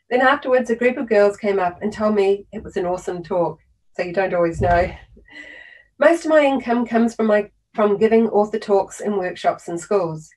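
A woman in her fifties with a New Zealand accent reads a prepared lecture, telling school-visit stories with a steady, mid-pitched voice. She sits back from the microphone, so her voice sounds a little distant. Her delivery is measured but turns lively with the anecdotes. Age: 50s. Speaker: children's author giving a lecture. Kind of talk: prepared lecture read aloud.

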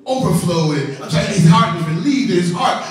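A male pastor preaching a sermon in a church, animated, repeating words and calling on church members by name. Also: sits high, brisk. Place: church sanctuary. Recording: echoey hall from far off, organ faint.

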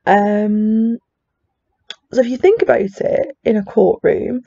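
A woman with a strong regional English accent talks through a lesson in a loose, chatty way, leaning on fillers as she goes. Her voice is deeply gravelly, mellow and husky. The recording is dull and dry, with no room sound. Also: slow, no echo. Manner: chatty, many fillers and asides. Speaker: psychology teacher. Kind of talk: classroom lecture.

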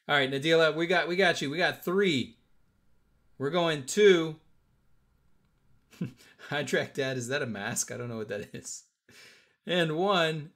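A man's voice: a little high, measured pace, long pauses, fairly bright tone. A man hosting a live-stream auction, joking with bidders and counting down bids. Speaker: auction host.

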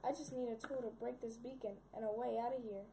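A young woman giving casual, excitable commentary while playing a game, often yelping and repeating words in a panic. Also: a little high, quick pace, a little hiss or hum. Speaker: gaming video creator.

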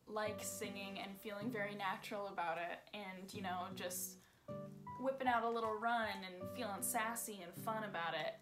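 A candid young woman talking through her vlog in a casual, self-deprecating tone, her pitch sitting mid-range for a woman. Guitar music plays clearly underneath her voice. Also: fairly even intonation, moderate pace. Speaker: singer making a single.

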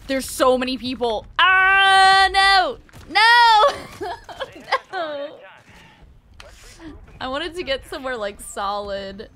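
Excitable high-voiced woman streamer. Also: slow, long pauses. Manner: excitable, cursing, laughing often. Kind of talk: live gameplay commentary.

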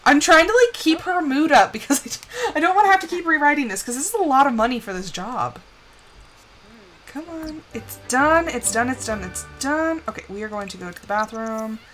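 A young woman giving casual live commentary on a life-sim game, chatty and scolding her characters with bursts of excitement. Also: high voice, fairly quick, soft background music, low-quality recording.

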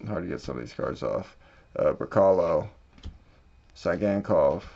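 Flipping through a pack at a slow pace, this male host reads card names off under his breath and erupts whenever a major card shows up. His voice is lowish with vocal fry and lively intonation, and the low-fi audio sounds dull.

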